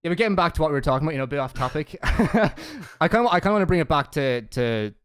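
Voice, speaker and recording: A man's voice: fairly high pitch, lively intonation, very fast, smooth. An Irish man guesting on a podcast, chatty and teasing with crude jokes. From Ireland. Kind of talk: casual podcast chat.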